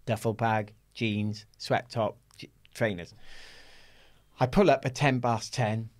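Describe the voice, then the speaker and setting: Man, middle-aged, interview guest: animated storyteller, laughs through his tales, swears freely. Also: fairly low pitch, slow pace. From Wales. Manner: laughs often, swears freely, acts out his own shouts.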